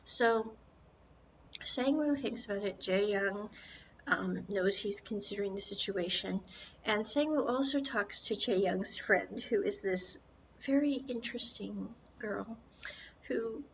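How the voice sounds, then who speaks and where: A woman hosting a podcast, retelling a film's plot in a chatty, lively way and stopping for personal asides. Her voice sits at a middle pitch. The recording is slightly muffled, with a faint hiss behind it. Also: slow pace, creaky. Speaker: podcast host. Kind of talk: casual film recap.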